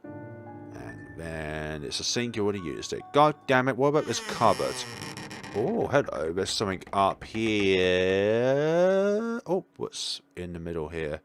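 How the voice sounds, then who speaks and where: Man reading a game aloud, low lively voice, game music behind. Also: a little slow. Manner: playful, wry asides. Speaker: gaming video creator. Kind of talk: reading a visual novel aloud with commentary.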